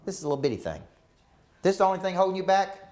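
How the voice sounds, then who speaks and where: A man's voice: high-pitched, rapid-fire. A man coaching a group of real estate agents live, acting out quoted dialogue as he talks. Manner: animated, acts out quoted dialogue. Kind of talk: live coaching session talk.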